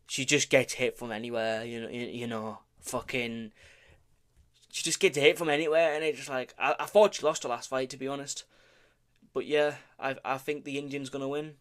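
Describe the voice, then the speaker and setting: Man, casual vlogger, rambling and self-correcting, stumbles over names, swears offhandedly, medium-pitched voice. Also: normal speed, fairly bright tone, clean tone. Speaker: vlogger making fight predictions. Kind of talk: casual predictions talk.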